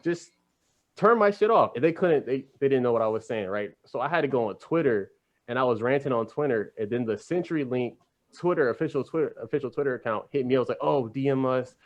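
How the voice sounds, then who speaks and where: A man hosting a podcast, telling a long, animated story full of slang in casual chat. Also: mid-range voice, fast, muffled recording. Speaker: podcast host.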